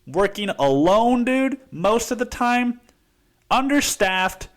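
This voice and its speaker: A man's voice: very high voice, sing-song, takes it slowly. A man hosting a podcast, telling a story in a rambling, profane way and saying "dude" constantly. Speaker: podcast host. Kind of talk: casual storytelling monologue.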